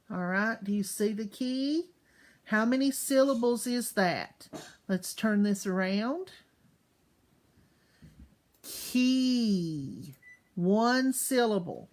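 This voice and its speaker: A patient woman teaching a class of small children. She speaks at an unhurried, very slow pace in a middling voice, stretching each word so young listeners can hear every syllable. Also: mid-range voice. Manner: patient, drawn-out words, sounds out syllables.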